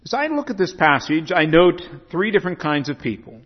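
Lively high-voiced male preacher. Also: fairly quick. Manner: storytelling preacher, dramatic swings in volume. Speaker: pastor. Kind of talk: sermon. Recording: dull echoey hall recording.

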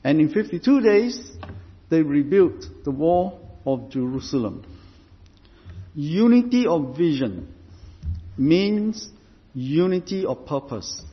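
A man preaching a sermon as pastor, deliberate and emphatic, stressing points through repetition. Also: on the high side, sing-song. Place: church. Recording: reverberant hall, dull lo-fi sound.

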